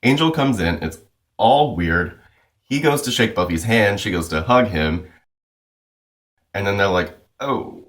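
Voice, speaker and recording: Low-voiced man chatting casually. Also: animated, unhurried, pauses often, a bit bright. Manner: loose and chatty, full of "like" and "you know". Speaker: comic book reviewer. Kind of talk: casual recap chat.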